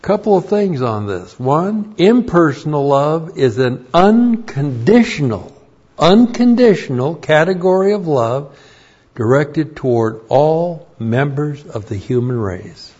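A man teaching a Bible lesson as a sermon, slow and deliberate, repeating key phrases for emphasis. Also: a little high, lively intonation, darkish tone, breathy edge. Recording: dull lo-fi recording.

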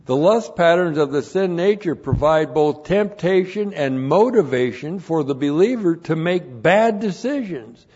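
Slow, deliberate male Bible teacher. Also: on the high side, animated, a little mellow, husky. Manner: deliberate, repeats each numbered point twice. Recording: dull lo-fi recording.

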